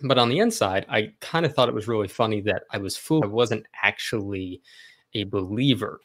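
A man's voice: on the low side, a little fast, fairly bright tone. A man in his twenties, a podcast guest, explaining himself in a friendly, earnest way at length. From American South. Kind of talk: casual interview chat.

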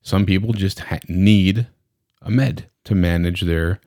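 Very low-voiced man, joking clinician. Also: measured pace, no echo, clean studio sound. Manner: animated, joking, acts out patients. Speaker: medical practitioner, podcast host. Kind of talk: casual podcast conversation.

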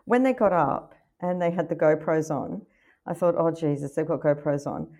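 A woman's voice: sits low, animated, moderate pace, mellow. A woman co-hosting a podcast, chatting about a TV show and firing off puzzled questions. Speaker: podcast co-host. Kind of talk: casual chat about a TV show.

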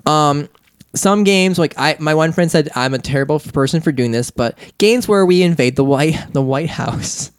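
A man's voice: on the high side, moderate pace, clear, resonant tone, no echo, clean studio sound. A man hosting a casual gaming podcast, rambling and joking, quoting movie lines. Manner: rambling, jokey, breaks into sung movie quotes. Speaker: podcast host. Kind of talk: casual chat.

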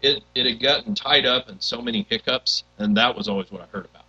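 Husky man, hesitant and muffled. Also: medium pitch, fast, pushed and bright, no room sound. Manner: hesitant, filler-heavy, trails off. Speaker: podcast co-host, the Professor. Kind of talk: casual movie discussion.

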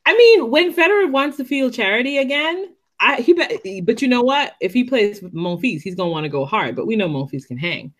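A co-host chats casually with a wry edge, laughing often between remarks. The pitch moves a lot, giving the voice a lively bounce. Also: a little fast, hardly any pauses. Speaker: podcast co-host. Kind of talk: casual chat.

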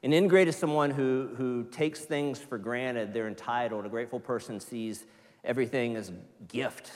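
A man preaching a sermon to his congregation, animated, sometimes putting on excited voices. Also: mid-range voice, moderate pace. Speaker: pastor. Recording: church hall reverb.

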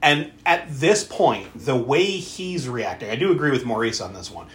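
A man hosting a podcast, chatting casually about a movie, animated and swearing freely as he acts out scenes. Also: medium pitch, normal speed. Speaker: podcast host. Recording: echoey room.

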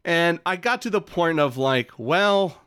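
Smooth-voiced man rambling on a podcast. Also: a little high, lively intonation, unhurried, fairly bright tone, no echo, clean studio sound. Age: adult who calls himself old. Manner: rambling, joking, profane. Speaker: podcast co-host. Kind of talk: casual chat.

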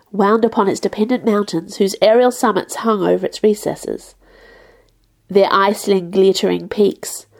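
Woman, audiobook narrator, measured expressive first-person reading, mid-pitched voice. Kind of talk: scripted literary narration.

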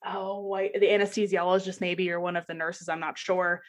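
A young woman, a podcast guest, recounts a personal story casually, often laughing and imitating the voices of people she quotes. Her voice is lowish, flat in delivery, and brisk.

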